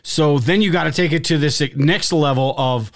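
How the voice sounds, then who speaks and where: A man's voice: fairly high pitch, moderate pace. Blunt, swearing male stream co-host. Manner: blunt, frequent restarts and swearing. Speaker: podcast co-host. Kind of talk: casual live-stream chat.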